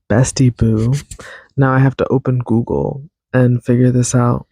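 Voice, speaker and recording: A man's voice: mid-range voice, little pitch movement, unhurried, dark tone, no room sound. A man hosting a podcast alone, rambling in a chatty, self-teasing way. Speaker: podcast host. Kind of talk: casual solo podcast chat.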